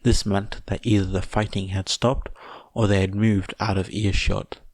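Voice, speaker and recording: A man reading fan fiction aloud as a podfic narrator, in a measured, even way. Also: fairly low pitch, no room sound. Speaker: podfic reader.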